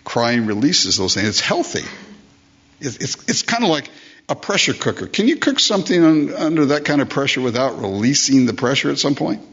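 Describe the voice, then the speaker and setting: A man's voice: mid-range voice, sing-song, moderate pace, a bit bright, husky, lo-fi sound. An older man preaching a sermon as pastor, emphatic, repeating phrases and asking rhetorical questions.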